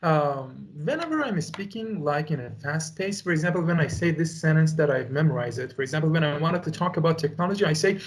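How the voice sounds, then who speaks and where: High-voiced man with an American accent. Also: expressive, slight background noise. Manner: earnest, fills pauses with "like" and "you know". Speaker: test candidate. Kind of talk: conversational exam debrief. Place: indoor room at a language academy.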